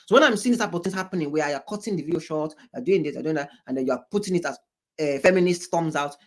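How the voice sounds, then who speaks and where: A man's voice: fairly high pitch, fast talker. A man from Africa giving casual reaction commentary, rambling and repeating himself with exasperated asides. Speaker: commentator reacting to a debate show.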